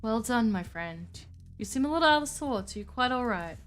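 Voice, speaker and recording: A woman voicing a gracious elder vampire patron who speaks formally and in a measured way. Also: fairly high pitch, animated, faint music behind, natural voice.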